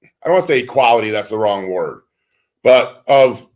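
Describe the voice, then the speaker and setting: A man's voice: mid-range voice, normal speed, darkish tone. A man co-hosting a sports radio show, talking bluntly and profanely and ranting hard about players. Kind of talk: casual sports radio talk.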